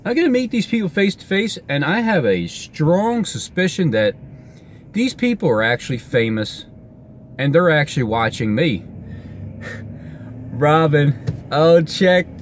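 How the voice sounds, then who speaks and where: A man vlogging outdoors in a rambling, excitable monologue, his pitch jumping all over as he talks. He keeps stopping, restarting and trailing off mid-sentence. Cars and street noise carry clearly behind him. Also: measured pace, long pauses.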